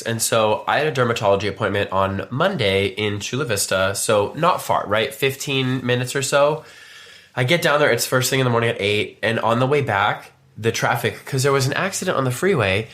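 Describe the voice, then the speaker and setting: A man's voice: medium pitch, fairly bright tone. Rambling man telling a story. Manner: rambling storyteller, many restarts and fillers. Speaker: podcast co-host. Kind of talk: casual chat.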